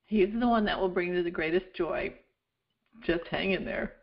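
A middle-aged woman hosting an interview, asking gentle, affirming questions. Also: fairly low pitch, normal speed, gravelly. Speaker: host. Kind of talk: interview conversation. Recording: dull lo-fi sound.

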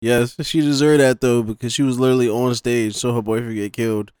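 A man co-hosting a casual movie podcast, laid-back and quick to laugh as he retells scenes. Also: mid-range voice, steady tone, darkish tone, clean tone, dry recording, studio quality. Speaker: podcast co-host. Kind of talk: casual movie review chat.

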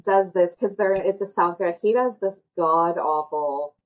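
A woman's voice: lowish voice, normal speed, poor audio. A woman co-hosting a podcast, talking bluntly, swearing freely and rambling in casual chat. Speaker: podcast co-host.

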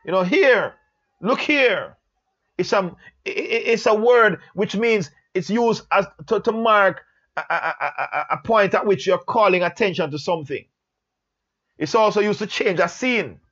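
High-voiced man teaching a Bible lesson. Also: a bit bright, dull audio. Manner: slow, emphatic, repeats phrases for stress. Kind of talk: Bible letter study lesson.

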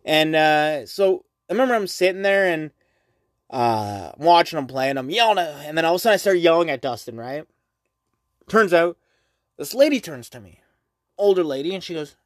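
Young man, high voice, dry close mic, rambling sweary podcast host. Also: expressive, moderate pace, dry recording. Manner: rambling, swears often, many fillers. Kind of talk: casual solo podcast monologue.

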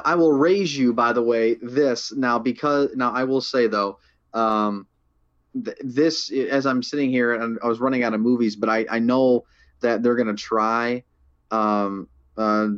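A man's voice: medium pitch, steady tone, measured pace, fairly bright tone, highs cut off. A young man co-hosting a casual movie chat, eager, often restarting his sentences and laughing easily. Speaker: podcast co-host.

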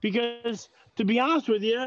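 A high-voiced man talks things through on a podcast, measured and hedging, leaning on fillers as he thinks. His audio is slightly dull and lo-fi, close and dry. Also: dry recording. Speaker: podcast co-host. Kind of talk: casual chat.

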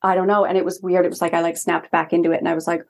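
A young woman with a lowish, gravelly, darkish voice and a level tone talks very fast as a podcast guest, casually telling a personal story. She's a holistic healing practitioner, chatty and earnest, using lots of "like" fillers.

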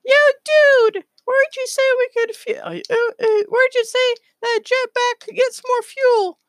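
A tiny space squirrel, squeaky and bright-eyed. The voice sits absurdly high and chirps out its lines loudly. It is eager and friendly, with a dry, close sound. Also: male voice, fairly even intonation, measured pace, no echo. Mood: chirpy. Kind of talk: storytelling with character voices.

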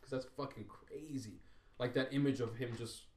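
A man's voice: medium pitch, fairly even intonation, normal speed, a little mellow. Profane, rambling young man in an echoey room. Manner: loose, profane, rambling with restarts. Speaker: podcast host. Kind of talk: casual podcast chat.

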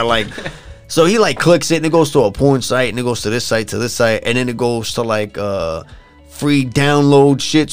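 A young man casually retelling a TV episode to friends, swearing freely and filling his talk with "like" and restarts. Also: medium pitch. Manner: loose, profane storytelling full of fillers. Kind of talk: casual chat.

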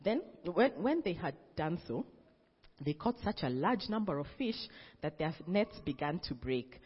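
A man's voice: on the high side, sing-song, a little slow, slightly rough. A man reading scripture aloud in a plain manner, often stumbling and restarting a phrase. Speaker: scripture reader. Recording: dull, reverberant recording.

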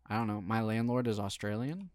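A man with a West Coast American accent co-hosts a podcast, talking eagerly and sprinkling in "like" and swear words. His voice sits low. The sound is dry and close. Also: a little fast, dry recording. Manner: enthusiastic, profane, says like a lot. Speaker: podcast co-host. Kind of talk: casual chat.

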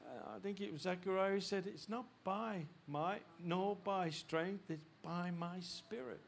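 A middle-aged male pastor preaching a sermon, animated, with frequent restarts, growing loud and urgent in places. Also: high-pitched, a little slow, gravelly, slight background noise. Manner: animated preaching, rising loud when voicing God; frequent restarts and repeated words.

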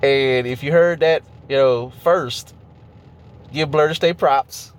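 A man co-hosting a podcast in casual chat, animated, laughing often and swearing casually. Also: medium pitch, slow. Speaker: podcast co-host.

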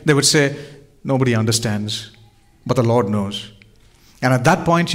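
A man preaches to his congregation, earnest and direct. He keeps posing rhetorical questions to his listeners. His voice sits a bit higher than most men's. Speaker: pastor. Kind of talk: sermon.

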